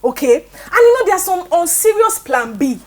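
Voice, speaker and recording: A woman with a Nigerian English accent speaks in a high voice, firm and direct. She is a talk show guest, often pausing to ask "okay?" as she makes her case. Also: sing-song, a little mellow. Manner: assertive, checks in with "okay?". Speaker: panel guest.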